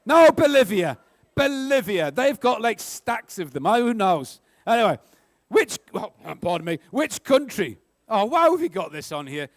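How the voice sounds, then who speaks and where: A man with a New Zealand accent hosting a live school quiz, brisk and joking, with sarcastic asides between questions. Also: sits high, no room sound, studio quality. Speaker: quiz host.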